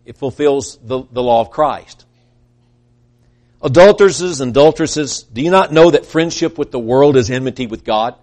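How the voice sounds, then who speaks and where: A man preaching a sermon, earnest, rising to emphatic peaks and then trailing off quietly, acting out quoted voices as he goes. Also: medium pitch, moderate pace.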